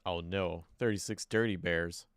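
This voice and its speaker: Smooth-voiced male streamer, dry close mic. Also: low voice, fairly even intonation, unhurried, dry recording. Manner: fiddling with mic settings, thinking aloud, frustrated. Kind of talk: casual live-stream chat. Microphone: desk microphone.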